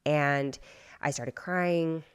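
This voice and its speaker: A woman's voice: low voice, steady tone, extremely slow, clear, resonant tone. A woman in her thirties, co-hosting a podcast, telling a personal story in a candid, rambling way with lots of fillers. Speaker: podcast co-host. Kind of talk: casual storytelling chat.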